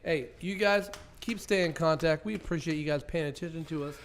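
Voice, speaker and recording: A man hosting a crude comedy podcast, telling stories loudly with lots of swearing and laughter. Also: a little high, fairly quick, a little hiss or hum. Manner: loud, profane storytelling, laughs often. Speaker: podcast host.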